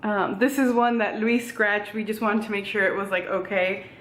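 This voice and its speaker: A young woman vlogger, a bit out of breath, chats in a bubbly, rambling way full of "like" and "um" while filmed on a tripod camera at home. Her medium-pitched voice is steady, a bit bright, and at normal speed. The room is echoey, with slight background noise.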